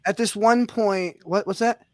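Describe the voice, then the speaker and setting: A man's voice: sits high, steady tone, unhurried, dry recording. A young man hosting a casual chat, rambling with lots of restarts and casual swearing. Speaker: host.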